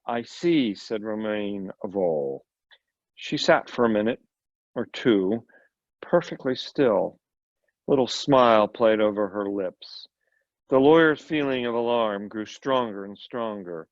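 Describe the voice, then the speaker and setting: A man's voice: lowish voice, measured pace, dry recording. A man, a volunteer reader, reading a short story aloud with occasional slips and brief asides. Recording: dull lo-fi recording.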